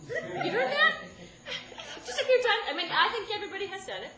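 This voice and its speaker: A woman in her thirties telling a comic personal story to a live audience, rambling and self-deprecating, with sudden loud outbursts. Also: very high-pitched, very animated, a little fast, crowd noise. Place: stage in a room with a live audience. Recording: roomy live room with background noise.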